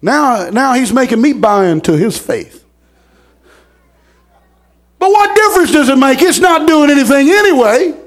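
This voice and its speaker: A middle-aged man, preaching a sermon in a folksy storytelling manner, repeating words and rising to shouts. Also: very high voice, very animated, moderate pace, pauses often.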